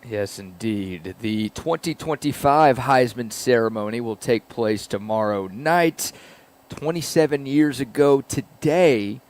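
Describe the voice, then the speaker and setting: A man's voice: mid-range voice, a little slow, a little mellow. A man co-hosting a morning sports radio show, leading segments with dry, teasing banter. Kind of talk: casual sports talk. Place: radio studio.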